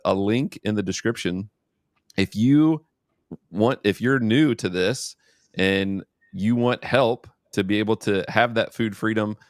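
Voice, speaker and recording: A man's voice: fairly low pitch, no room sound, studio quality. A young adult man hosting a podcast, laid-back and joking, rambling a little as he wraps up. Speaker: podcast host. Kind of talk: casual podcast chat.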